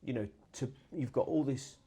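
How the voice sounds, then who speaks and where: A man's voice: medium pitch, normal speed, dark tone, slightly rough. A man hosting a podcast interview, asking encouraging, affirming questions.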